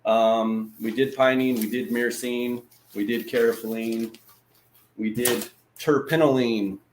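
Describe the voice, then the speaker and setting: A man's voice: medium pitch, fairly even intonation, slow pace, a little hiss or hum. A man hosting a casual livestream lesson. He talks in a loose, chatty way, swears freely and greets viewers by name. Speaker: livestream host.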